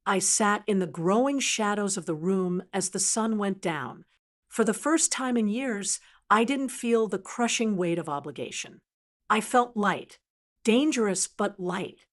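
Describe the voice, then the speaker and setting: Older woman, first-person storyteller, calm, cold, deliberate, mid pitch. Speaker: narrator. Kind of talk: scripted first-person narration.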